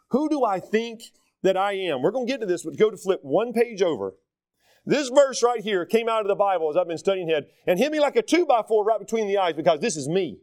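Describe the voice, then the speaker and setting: Southern US pastor, middle-aged man, high voice that swings widely, dry close sound, animated sermon delivery with acted-out quotes. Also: dry recording. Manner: animated, acts out quoted voices, self-deprecating.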